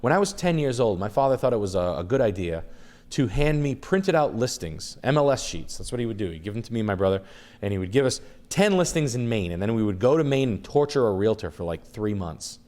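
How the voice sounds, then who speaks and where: A man's voice: on the low side, very animated, fairly quick, darkish tone. A man in his thirties, a streamer, telling crude, rambling comedic stories in casual chat. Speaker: streamer and host.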